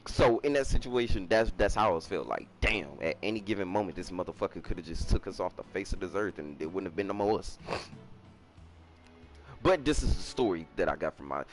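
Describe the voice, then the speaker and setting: A man's voice: sits low, expressive, a little fast, faint music behind. A young man, telling a casual storytime in an emphatic, profane way. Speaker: storyteller streamer.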